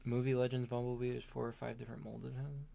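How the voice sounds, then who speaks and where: A chatty streamer with a gravelly, fry-edged voice at a middle pitch rambles casually with chat while unboxing a toy. The talk is loose and full of laughs, with faint noise behind. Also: little pitch movement, quick pace, warm tone. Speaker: livestream host.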